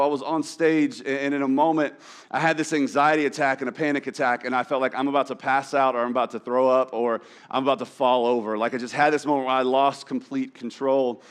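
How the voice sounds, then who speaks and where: A man preaching a sermon in a conversational, self-deprecating way, often restarting his sentences. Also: on the high side. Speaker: pastor. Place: church auditorium.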